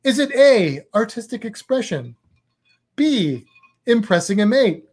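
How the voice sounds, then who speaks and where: A man's voice: high-pitched, sing-song, unhurried, a little mellow, slightly rough. Man, casual host, jokey quizmaster, reading options aloud. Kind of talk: casual quiz chat.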